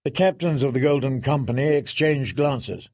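A man narrating a fantasy audiobook in a measured, even storytelling manner. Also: mid-range voice, no echo, studio quality.

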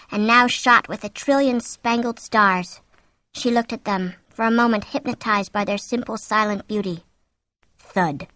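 Woman reading an audiobook, bright crisp voice, dry close mic, slows down for the scary bits. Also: medium pitch, no room sound. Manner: steady storytelling, slowing for tension. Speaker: audiobook narrator. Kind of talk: scripted narration.

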